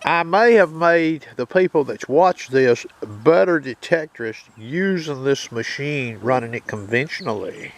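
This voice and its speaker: This metal detecting channel host speaks at a medium pitch, animated and measured, with few pauses, over rough audio. Loud detector beeps sit behind his voice as he gives a folksy, hands-on demo of his detector and keeps turning to his listeners.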